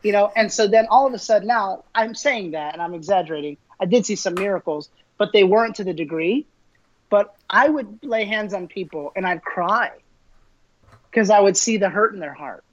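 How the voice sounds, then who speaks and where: A man telling stories as an interview guest, lively and quick to laugh, putting on the voices of the people he quotes. The recording sounds dull and lo-fi, with the top end rolled off. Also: high-pitched. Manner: animated, acts out quoted voices, laughs often. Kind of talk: casual storytelling interview.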